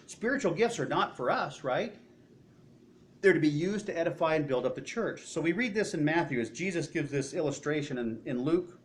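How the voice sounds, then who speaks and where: A male pastor delivers a sermon in a church, his fairly high voice swinging widely in pitch as he throws rhetorical questions at the congregation. He acts out the people he describes in quoted voices. A faint hiss sits behind him. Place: church sanctuary.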